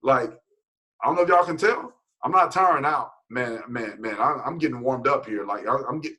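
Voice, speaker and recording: A man leading a motivational team call, energetic and preachy, repeating himself for emphasis. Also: medium pitch, a little fast, low-quality recording. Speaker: team leader.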